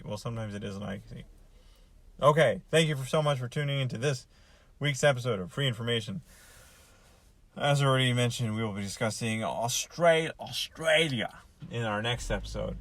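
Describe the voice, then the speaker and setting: A man's voice: medium pitch, fairly bright tone, no echo. A man hosting a comedy show, rambling sarcastically and talking straight to the listener. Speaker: host. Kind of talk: deadpan comedic monologue.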